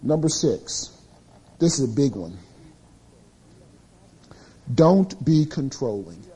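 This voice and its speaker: A middle-aged man preaching a sermon to men, telling confessional stories in an animated way. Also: medium pitch, slow, slightly rough.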